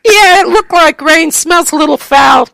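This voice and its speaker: A woman's voice: very high voice, unhurried, vocal fry, bright, forceful tone, dry recording. A woman hosting a casual radio talk show, rambling and bawdy as she jokes around with her guests. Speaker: show host.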